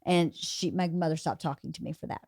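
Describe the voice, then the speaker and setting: A woman's voice: low-pitched, fairly quick, darkish tone, dry recording, clean studio sound. A woman hosting a podcast, telling personal stories in a candid, casual way. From Georgia. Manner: candid storytelling, swears casually. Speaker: podcast host. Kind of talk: casual conversation.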